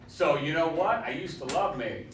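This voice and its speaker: A man's voice: a little high, sing-song, normal speed, fairly bright tone. A male welding instructor who lectures his class in a swaggering storytelling way and quizzes his students as he goes. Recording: echoey classroom, far from mic, faint hiss.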